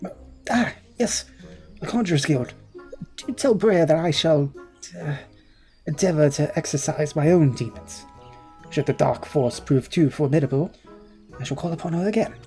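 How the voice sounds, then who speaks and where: A timid young man stumbles over his own formal, old-fashioned phrases, read aloud by a gamer doing the voice. The tone is mellow and soft. Faint game music plays behind. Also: mid-range voice, normal speed, long pauses, close to an everyday voice. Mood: flustered. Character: timid, apologetic young man, polite and flustered. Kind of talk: voice-acted game dialogue reading.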